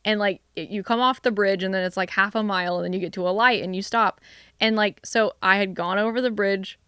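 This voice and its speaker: A young woman co-hosting a casual podcast, telling animated, swear-filled stories full of "like"s. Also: mid-range voice, fairly quick, clean tone, no echo, clean studio sound. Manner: animated, profane storytelling with many "like"s. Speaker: vlogcast co-host. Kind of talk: casual chat.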